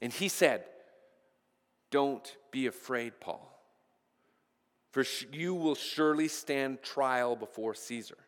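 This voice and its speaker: A man's voice: medium pitch, slow, long pauses, long reverb tail. A pastor preaching a sermon, earnest, often repeating the first word of a phrase as he goes.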